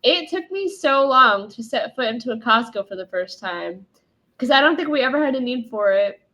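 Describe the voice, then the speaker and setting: A woman's voice: a little high, lively intonation, moderate pace, pushed and bright, highs cut off. A young woman co-hosting a casual chat with her father, talking with chatty enthusiasm. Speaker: podcast co-host, daughter.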